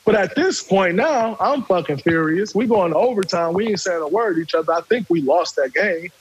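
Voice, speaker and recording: Man, high voice, husky, animated profane storytelling. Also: brisk, lo-fi sound. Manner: animated, profane, acts out quotes. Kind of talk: casual storytelling.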